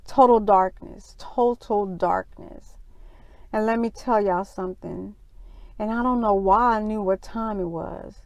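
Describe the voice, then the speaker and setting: A middle-aged woman speaks slowly to her viewers, pausing and restarting as she tells a personal story. Her voice sits a little high and the sound is dry and close. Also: dry recording, rough recording. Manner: earnest, halting storyteller with many fillers. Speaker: vlogger.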